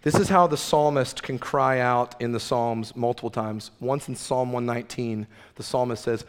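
A man delivering a sermon in an earnest, conversational way, pressing his listeners with rhetorical questions. His voice sits at an ordinary middle pitch for a man. A long hall reverb trails behind his words. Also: fairly even intonation, normal speed, hardly any pauses, clean tone. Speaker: pastor.

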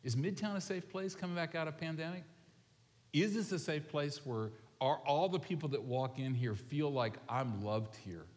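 A man preaching a sermon to his congregation in a relaxed, animated way, often asking the people questions. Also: on the high side, moderate pace. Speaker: pastor. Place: large church sanctuary. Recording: long reverb of a large hall.

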